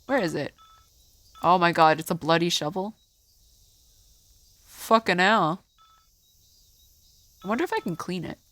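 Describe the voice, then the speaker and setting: A woman streamer casually commenting on a game she is playing live, blunt and quick to swear. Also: lowish voice, expressive, a bit bright, no room sound. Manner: blunt, swears, reacts aloud.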